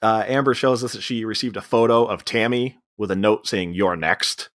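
A man's voice: fairly low pitch, steady tone, fairly bright tone. A man co-hosting a podcast, casually recapping a comedy film's plot and mimicking characters' lines. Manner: recounts plot, acting out lines in quick voices. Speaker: podcast co-host. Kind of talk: casual movie recap chat.

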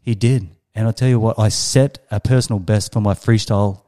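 A man's voice: lowish voice, steady tone, fairly quick, warm tone. A man in his thirties with an Australian accent, a guest on a podcast interview, telling a personal story with emphatic, dramatic pacing. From Western Australia. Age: 30s. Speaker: guest, startup coach.

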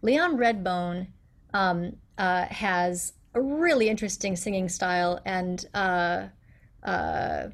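A middle-aged woman, a guest accent coach, talks in a casual interview with an animated, explanatory manner. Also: lowish voice, slow, vocal fry. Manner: animated, explanatory, acts out quotes.

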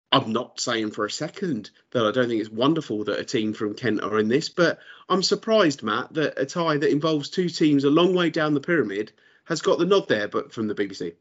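A man's voice: on the high side, lo-fi sound. A man co-hosting a casual football podcast. He stumbles and repeats words and has a dry sense of humour. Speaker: podcast co-host. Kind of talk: casual sports chat.

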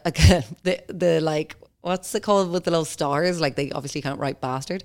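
A woman's voice: lowish voice, normal speed. A young Irish woman with a Dublin accent hosts a chatty podcast. She rambles through anecdotes and swears freely. Her tone is loose and conversational. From Ireland. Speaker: podcast host. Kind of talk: casual podcast chat.

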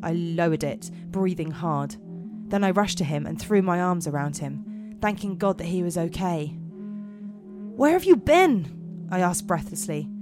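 Low-voiced woman reading a horror tale. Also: normal speed, few pauses, music in the background. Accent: put-on American. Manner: dramatic, giggly reading with slips. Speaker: podcast host and storyteller. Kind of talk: reading horror stories aloud.

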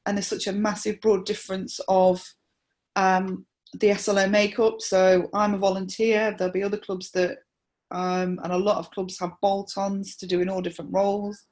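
A woman, a supporter liaison officer, explaining her views in a measured interview with frequent restarts. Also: mid-range voice, level tone, a little mellow. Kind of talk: conversational interview.

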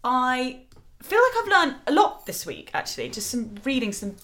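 A woman's voice: high voice, wildly swooping pitch, moderate pace, a bit bright. A young woman co-hosting a casual chat podcast, earnest and emotional, recommending and reading articles. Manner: emotional, earnest, easily moved to tears. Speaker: podcast co-host.

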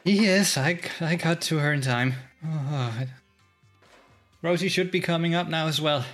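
A man voicing a flustered young male companion in a tabletop game, speaking in a hurried, defensive way. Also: fairly high pitch, a bit bright, soft background music, close to an everyday voice.

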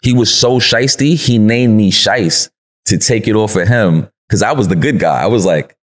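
A man with a New York accent, speaking in a very deep, low register. He tells stories as a podcast guest in loose street slang, laughing easily and slipping into other people's voices as he goes. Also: normal speed. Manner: slangy and laid-back, laughs often, acts out quotes. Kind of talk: casual interview storytelling.

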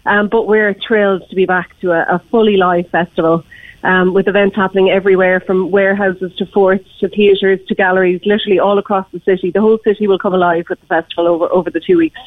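A woman's voice: mid-range voice, steady tone, fast talker, no room sound. A woman festival director speaking by phone in a casual interview, eager and full of fillers and restarts. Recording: tinny phone line.

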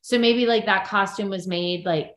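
Speaking at normal speed in a mid-range voice, a chatty woman co-hosts a podcast about a reality show she was on. Her casual, lively storytelling includes impressions of other people's lines, captured with roomy echo.

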